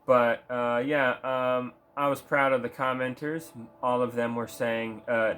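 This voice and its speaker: A man's voice: medium pitch, fairly even intonation, a little slow, a bit bright, soft background music. A man ranting casually about video games, foul-mouthed and rambling, mocking what he talks about. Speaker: gaming vlogger. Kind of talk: profane casual rant.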